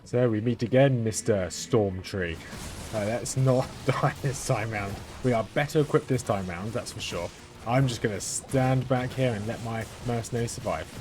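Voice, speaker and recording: A man in the middle of his pitch range gives let's-play commentary in a monotone, understated voice, thinking aloud as he goes. Faint game music plays behind him. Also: moderate pace. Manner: thinking aloud while playing. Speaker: gaming channel host.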